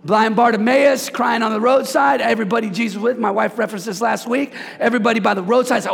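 Raspy high-voiced preaching man in a hall. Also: brisk, hardly any pauses. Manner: animated, preachy, jokes with congregation. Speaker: pastor. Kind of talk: sermon. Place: church sanctuary. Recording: hall reverb.

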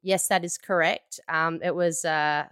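A woman's voice: sits low, fairly even intonation, fairly bright tone, clear, resonant tone, no echo, studio quality. A woman in her thirties co-hosting a podcast, chatting casually and telling stories with acted-out quotes. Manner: chatty storyteller, quick to act out quotes. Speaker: podcast co-host. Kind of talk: casual chat.

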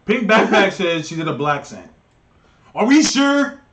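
A man's voice: sits high, sing-song, moderate pace, fairly bright tone. A man co-hosting a livestream, reading chat and asking questions with hesitant restarts. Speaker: stream co-host reading chat. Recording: roomy, off-mic sound.

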